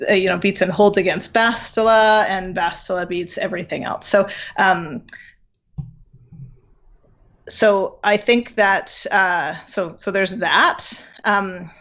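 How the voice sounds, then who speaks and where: Gravelly-voiced woman on a dull line. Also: medium pitch, fairly bright tone. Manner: thinking aloud with many fillers and repeats. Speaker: panelist answering game questions. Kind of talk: casual live Q&A chat.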